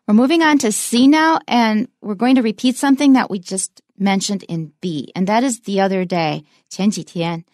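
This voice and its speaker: Female English teacher, clear examples, dry close mic. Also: mid-range voice, darkish tone, no room sound. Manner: slow, emphatic example sentences. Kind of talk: bilingual English lesson.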